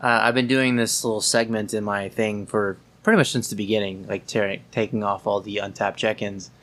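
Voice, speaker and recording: A man's voice: fairly low pitch, flat delivery, fairly quick, fairly bright tone. A man hosting a casual podcast chat, blunt and opinionated, asking pointed questions. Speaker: podcast host.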